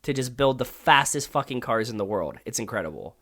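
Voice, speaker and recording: Bright-voiced man rambling in casual chat. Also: medium pitch, big pitch swings, fairly quick. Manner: rambling, many fillers, swears casually. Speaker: podcast co-host.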